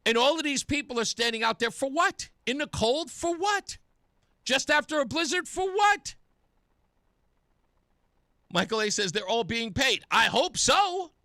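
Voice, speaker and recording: A male talk radio host with a high, bright voice that leaps around as he speaks. He talks slowly and sarcastically, full of indignation. The studio sound is dry and close, with faint music underneath. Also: lively intonation, no echo. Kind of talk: political talk radio commentary.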